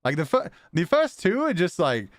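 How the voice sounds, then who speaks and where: A man casually chatting on a livestream, excitable, laughing often and swearing now and then. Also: high-pitched, moderate pace, no room sound. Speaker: streamer.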